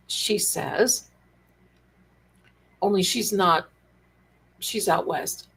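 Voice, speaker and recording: Brief: animated woman psychic host talking to live viewers, middle pitch. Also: drawn-out words, gravelly, pauses often, breathy edge, low-quality recording. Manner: chatty, animated, acts out quoted dialogue, calls viewers darlings. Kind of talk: live-stream spiritual talk.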